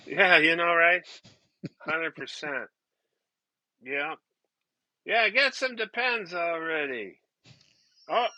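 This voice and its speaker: A man playing an awkward amateur stand-up comedian who chuckles at his own weak jokes and clears his throat nervously. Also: high voice, bright, forceful tone, dry recording, heavily acted, poor audio. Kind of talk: comedy sketch stand-up bit.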